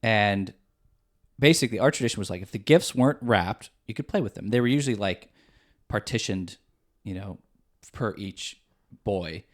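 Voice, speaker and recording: A man's voice: on the low side, animated, normal speed, long pauses. A young man from the Midwest US, co-hosting a podcast in easygoing casual chat with many fillers. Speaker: podcast co-host.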